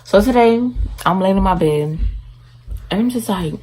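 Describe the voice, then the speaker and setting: A woman's voice: medium pitch, animated, moderate pace, dark tone, low-quality recording. A woman chatting casually in a mukbang vlog at home, talking while she eats. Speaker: vlogger. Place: indoors at home, in her bedroom.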